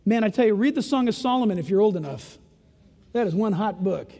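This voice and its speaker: An older man preaching a sermon in a punchy, folksy way that swings between loud emphasis and hushed asides. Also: high-pitched, animated, a little fast, gravelly. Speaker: pastor. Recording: echoey hall reverb.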